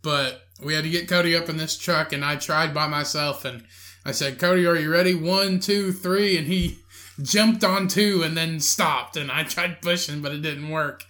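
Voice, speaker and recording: Podcast co-host, male, crude laughing storyteller with a bright, slightly high voice. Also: steady tone, moderate pace. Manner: crude, laughing storyteller, acts out drunk friend and angry lady. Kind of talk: casual storytelling chat.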